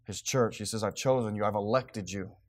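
A man preaching to his congregation as pastor. He reads scripture in a slow, deliberate way. Between readings he talks plainly and conversationally, with an easy, informal manner. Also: lowish voice. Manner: reads scripture slowly and deliberately, then talks casually with laughs. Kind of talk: sermon.

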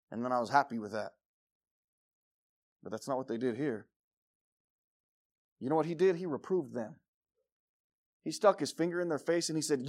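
A man preaching a sermon, jumping from loud exclamations to quiet low asides and acting out shouting crowds. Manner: acts out the crowd in short shouted bursts.

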